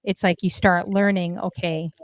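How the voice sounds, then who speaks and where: A woman hosting a casual livestream talk show, chatty and friendly with her chat, giving shout-outs as she goes. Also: fairly low pitch, level tone, moderate pace, no room sound. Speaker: stream talk show host.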